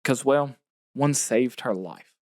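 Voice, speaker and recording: A man narrating a documentary profile in a measured, earnest way and putting questions to the guest. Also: mid-range voice, dry recording, studio quality. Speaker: narrator and interviewer.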